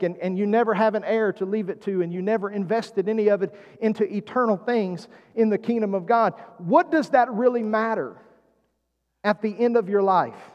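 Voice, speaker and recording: High-voiced preaching man in a reverberant hall. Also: highs cut off. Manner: preaching with call-and-response prompts. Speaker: pastor. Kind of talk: sermon.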